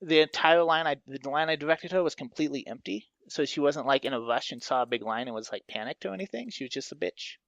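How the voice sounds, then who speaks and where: A man's voice: a little high, fast, vocal fry, few pauses, fairly bright tone, no room sound. A man on a casual podcast, telling an exasperated story with sarcastic asides. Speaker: podcast co-host. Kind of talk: casual chat. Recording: dull, muffled podcast audio.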